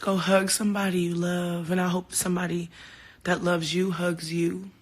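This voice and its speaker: A woman's voice: on the low side, normal speed. A woman talking to fans on a phone livestream, candid and heartfelt, swearing freely and telling stories with quoted back-and-forth. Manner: animated storytelling with quoted exchanges. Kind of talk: casual livestream talk. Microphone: phone camera.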